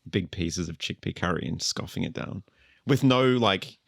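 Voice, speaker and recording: Deep, gravelly man narrating a tabletop game. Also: animated, moderate pace, no room sound, studio quality. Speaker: player.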